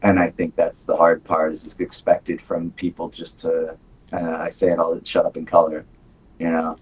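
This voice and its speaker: Low, husky-voiced veteran man. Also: completely flat delivery, moderate pace, rough recording. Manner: candid, rambling, many fillers. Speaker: podcast co-host, veteran. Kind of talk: casual chat.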